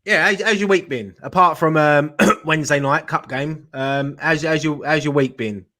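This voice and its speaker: A man's voice: fairly high pitch, moderate pace, pushed and bright. A man hosting a live fan chat show, joking and laughing a lot as he leads the talk. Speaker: host.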